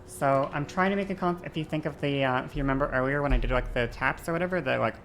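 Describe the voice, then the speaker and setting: A woman streamer chatting casually, shifting her voice between a lower and a lighter register, with vocal fry. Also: fast talker, a little hiss or hum. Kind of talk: casual chat while gaming.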